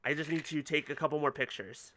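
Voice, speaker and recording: A game streamer rambling casually while playing, chatty and quick to laugh. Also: mid-range voice, fairly even intonation, pushed and bright, slight background noise. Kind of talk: casual let's-play commentary.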